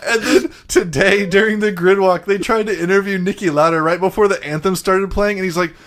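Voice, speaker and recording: A man's voice: sits high, brisk. A man co-hosting a casual motorsport podcast, retelling stories with laughter and mimicry. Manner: storytelling, laughing, animated retelling. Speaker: podcast co-host. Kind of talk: casual chat.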